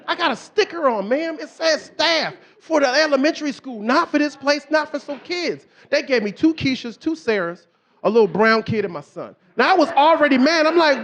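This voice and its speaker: Man, middle-aged, stand-up comedian, very high voice, animated storytelling, acts out quotes, club stage. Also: normal speed, crowd noise.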